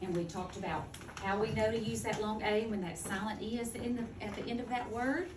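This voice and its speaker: Teacher lady in a classroom, slow clear explaining, distant mic, noisy room. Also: mid-range voice, steady tone. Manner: clear, deliberate teacher talk, slowing to model words. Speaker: second grade teacher. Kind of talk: classroom phonics lesson. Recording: echoey classroom from far off, noisy.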